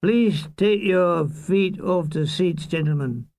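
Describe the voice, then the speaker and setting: A man's voice: high voice, takes it slowly, creaky, darkish tone, no room sound, heavily acted. A man voicing a train conductor with prim, officious politeness.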